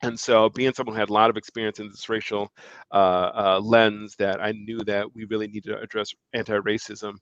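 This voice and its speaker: Hombre que narra con animación, sonido apagado. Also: male voice, fairly low pitch, a little fast, dry recording, highs cut off. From Milwaukee, Wisconsin, USA. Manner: animated storyteller, acts out quoted remarks, laughs between phrases. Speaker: guest, education leader and author. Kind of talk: conversational storytelling.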